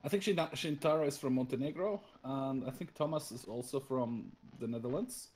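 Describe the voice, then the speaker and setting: A man's voice: mid-range voice, normal speed, a little mellow. A man streaming a strategy game, chatting casually, laughing often and reading out viewer comments. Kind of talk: casual gaming stream chat.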